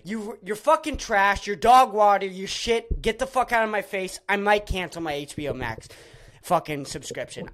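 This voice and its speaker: A man's voice: high voice, moderate pace. Man ranting furiously on a podcast. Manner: furious ranting, swearing, shouting then subdued. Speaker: podcast host. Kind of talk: angry podcast rant.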